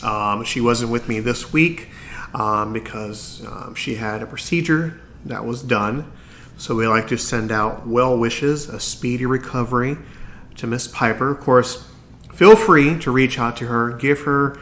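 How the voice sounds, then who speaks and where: A man's voice: mid-range voice, measured pace, fairly bright tone, a little hiss or hum. A man hosting his own podcast, talking earnestly and encouragingly, sometimes tripping over his words. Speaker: podcast host. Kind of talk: solo podcast talk.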